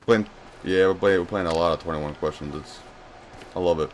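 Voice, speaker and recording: A man's voice: deep voice, a little fast, a little hiss or hum. A young man streaming a game live, rambling casually and answering questions from his chat as he plays.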